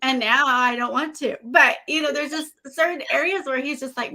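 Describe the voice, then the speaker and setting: A middle-aged woman hosting a casual interview, chatty and agreeable, asking lively follow-up questions. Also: high voice, normal speed. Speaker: podcast host.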